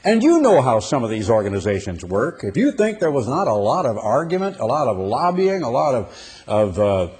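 Impassioned husky older preacher, a man. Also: medium pitch, very animated, normal speed, a little mellow. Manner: impassioned, swelling emphasis. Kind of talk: sermon.

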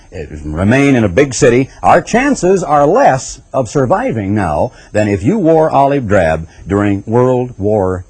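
A man's voice: mid-range voice, a little mellow, husky. A man giving impassioned, rhetorical radio commentary, piling up lists for emphasis. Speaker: radio broadcaster.

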